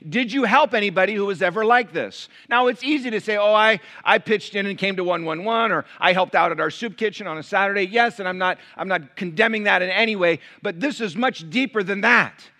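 Pastor, male, bright slightly high voice, dynamic sermon delivery that moves from loud emphasis to quiet intimacy. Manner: dynamic preaching, swinging from loud emphatic lines to hushed intimate ones; acts out crowd voices in quick asides.

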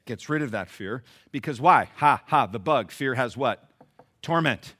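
A man preaching a sermon in a church, animated, swinging from loud emphasis to quiet asides. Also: mid-range voice, measured pace. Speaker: pastor.

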